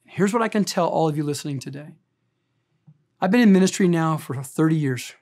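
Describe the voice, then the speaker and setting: A man in his fifties preaching a sermon as pastor, impassioned and emotional, swinging between loud emphatic lines and quiet confiding ones. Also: on the high side, lively intonation, fairly quick. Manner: emotional, speaks of being easily choked up.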